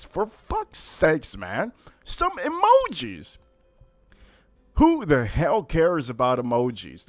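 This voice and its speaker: Animated, profane male livestream host. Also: on the high side, dry recording. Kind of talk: casual livestream chat.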